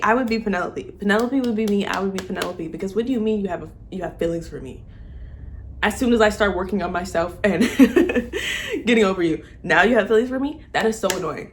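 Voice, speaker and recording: A woman vlogger ranting excitedly to camera, gushing, laughing often and repeating herself. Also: lowish voice, a little hiss or hum. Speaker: vlogger reviewing a TV romance series. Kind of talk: excited casual rant to camera.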